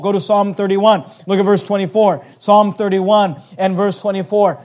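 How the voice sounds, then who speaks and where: A man preaching a sermon as pastor, reading verses aloud in old scripture wording and swinging from loud emphatic lines to quiet low ones. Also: steady tone, brisk, few pauses.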